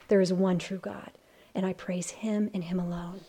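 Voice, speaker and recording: A woman teaching a Bible study to a group of women, earnest and building from hushed to emphatic. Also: medium pitch, level tone, measured pace, husky.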